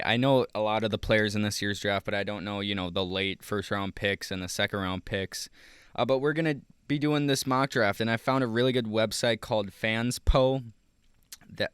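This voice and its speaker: A man's voice: fairly low pitch, fairly bright tone, smooth, no echo, clean studio sound. A man casually talking through a basketball mock draft over a screen recording, rambling with many fillers and restarts. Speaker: YouTuber.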